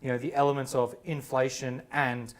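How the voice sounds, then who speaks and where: A man's voice: mid-range voice, level tone, normal speed. A man hosting an interview, who sums up his guest's points and asks follow-up questions. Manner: summarising, prompting questions. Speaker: podcast host.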